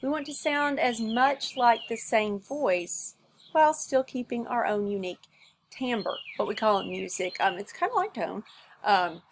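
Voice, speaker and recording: A woman music teacher speaks to children in a recorded video lesson, patient and encouraging. Her voice sits a little on the high side. She shows each step by singing it herself. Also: lively intonation, unhurried, slight background noise. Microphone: recorded at home for a video lesson.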